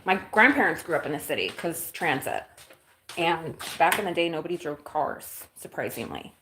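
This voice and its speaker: A woman's voice: deep voice, expressive, normal speed. A woman chatting bluntly and casually with live viewers while doing chores at home, answering their comments and swearing now and then. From Illinois. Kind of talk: casual live-stream chat. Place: home kitchen and living room, windows open. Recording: roomy home audio with faint background noise.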